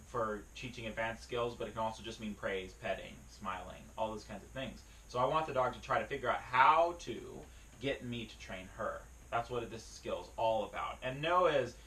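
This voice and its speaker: A man explaining a dog-training skill to the camera in a relaxed way, with plenty of fillers and restarts. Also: mid-range voice, far from the mic, poor audio. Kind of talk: casual spoken lesson to camera. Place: beside his dog, speaking to a camera.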